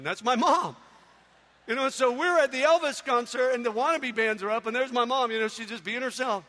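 A man preaching a sermon, telling stories in an animated way with sudden loud outbursts. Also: extremely high pitch, quick pace. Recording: echoey hall.

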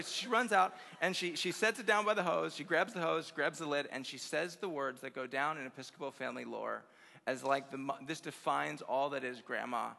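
Young male preacher, raised pitch, sharp tone, animated comic storyteller, long hall reverb. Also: normal speed, vocal fry. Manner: animated, humorous, speeds up as the jokes build. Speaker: conference speaker, pastor. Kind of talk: storytelling sermon to a youth conference.

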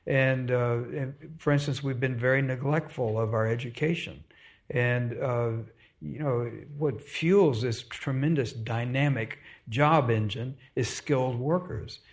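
A man from Texas, an author, explaining his ideas in an onstage conversation in a measured way, with many pauses and restarts. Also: mid-range voice.

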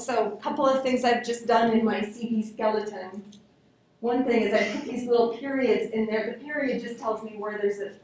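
Here a linguistics instructor with a fairly high but darkish voice explains concepts, answers her students' questions and says examples aloud more than once. The audio comes from a distance in an echoey classroom and carries slight background noise.

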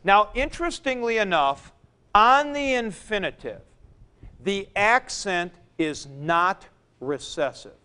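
A man's voice: high-pitched, lively intonation, slow, sharp tone, smooth. A man lecturing a class, thinking aloud and repeating key points for emphasis as he writes on a board in a classroom. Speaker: Greek teacher.

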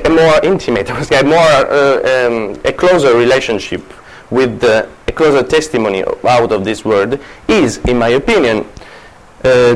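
A man's voice: medium pitch, low-quality recording. A man with an Italian accent giving a university classics lecture, rambling with many restarts, self-corrections and small laughs.

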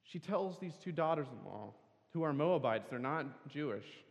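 Earnest preacher in a reverberant hall. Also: male voice, fairly high pitch, lively intonation, normal speed, vocal fry. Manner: earnest storytelling preacher, rising emphasis on key words. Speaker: campus worship speaker. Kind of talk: sermon. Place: large hall, campus worship service.

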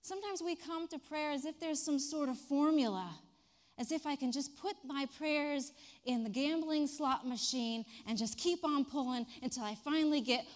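A woman preacher delivering a sermon with animated, dramatic storytelling. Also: high-pitched, in a large hall.

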